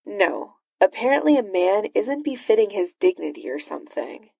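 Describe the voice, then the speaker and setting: A woman voicing a cocky, cheerful male hero in a storybook reading, teasing and relaxed. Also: medium pitch, moderate pace, vocal fry, dry recording, studio quality. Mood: breezy.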